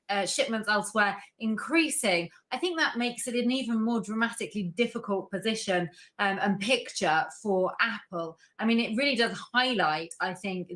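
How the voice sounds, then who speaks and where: A woman with a British accent, a market analyst answering questions on a news broadcast. She speaks in a measured way and often says "I think". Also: medium pitch, fairly bright tone. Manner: measured, frequent "I think" hedging. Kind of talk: news interview commentary.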